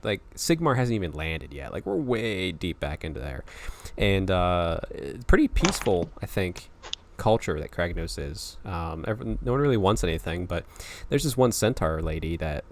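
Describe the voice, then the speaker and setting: A man's voice: low voice, very animated, normal speed, a little mellow. A young man hosting a casual video-call podcast, rambling, laughing and swearing freely. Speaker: podcast host. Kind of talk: casual chat.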